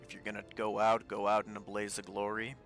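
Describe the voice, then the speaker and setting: A male player with a fairly low, bright, forceful voice, casual and swearing freely as he plays a live tabletop game. Faint music sits in the background. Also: completely flat delivery, fairly quick. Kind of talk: live-streamed tabletop role-play.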